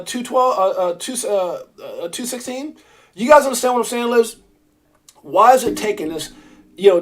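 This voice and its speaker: A middle-aged man hosting a crypto live stream, talking in a rambling, animated way and answering viewers in the chat by name. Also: high voice. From Brownsville, Brooklyn, New York. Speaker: crypto livestream host.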